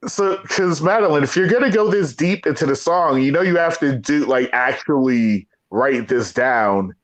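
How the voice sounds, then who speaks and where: A man co-hosting a casual comedic chat over a video call, wry and rambling, with halting restarts. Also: fairly high pitch, rough recording. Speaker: co-host.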